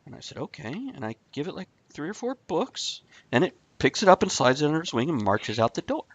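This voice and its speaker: A man hosting a casual talk show, telling a rambling shaggy-dog story with deadpan asides. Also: a little high, fast talker, no echo, poor audio.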